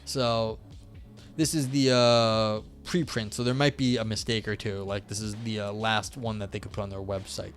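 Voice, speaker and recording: A man's voice: lowish voice, flat delivery, normal speed, soft background music. A man streaming live, reading a philosophy paper aloud and chatting with his viewers in a loose, self-deprecating way.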